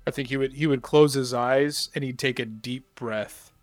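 A man's voice: medium pitch, fairly even intonation, normal speed, dry recording, faint music behind. A man playing a tabletop game, describing his character's actions in a hesitant, thinking-aloud way.

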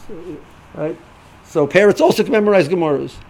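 A middle-aged man giving an informal Torah lesson, halting and repeating words as he restarts sentences. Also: high voice, darkish tone, low-quality recording. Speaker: yeshiva rebbe giving a shiur.

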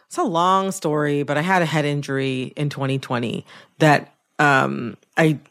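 A woman's voice: low-pitched, steady tone, normal speed, vocal fry, fairly bright tone. A woman hosting a radio interview, asking reflective, thoughtful questions. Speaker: podcast host.

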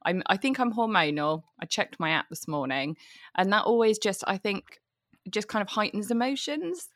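A woman's voice: medium pitch, lively intonation, moderate pace, a bit bright, dry recording, clean studio sound. A woman in her thirties, a psychotherapist guest on a podcast, talking openly in a rambling, candid way. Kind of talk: casual podcast interview.

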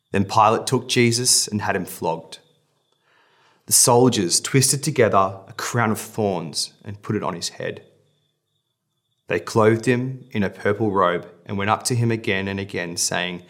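A pastor reading scripture dramatically in a sermon, then talking to the congregation in a conversational way. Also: male voice, fairly low pitch, a little slow, long pauses, fairly bright tone.

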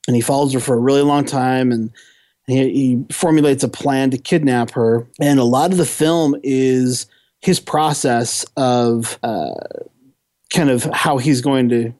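A man's voice: medium pitch, fairly even intonation, unhurried, darkish tone, dry recording. A man co-hosting a podcast, giving a casual, enthusiastic film review that rambles and restarts often.

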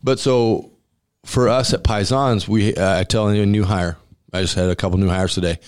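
Deep-voiced, blunt man telling stories. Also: fairly even intonation, moderate pace, a little mellow, clear, resonant tone. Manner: emphatic and blunt, acting out dialogue with laughs. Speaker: restaurant owner and former college football center. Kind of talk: casual storytelling interview.

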